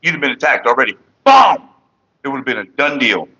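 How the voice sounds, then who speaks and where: His mid-range voice swings widely in pitch, runs a little fast, and has a breathy edge, all on lo-fi sound. The man is a vlogger cursing and rambling casually to his viewers and partner on a morning livestream, with bursts of loud, off-key singing.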